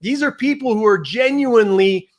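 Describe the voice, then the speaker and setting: A man speaking as a guest on a live video call, telling his story in a blunt, emphatic and rapid way. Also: very high voice. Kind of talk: casual livestream talk.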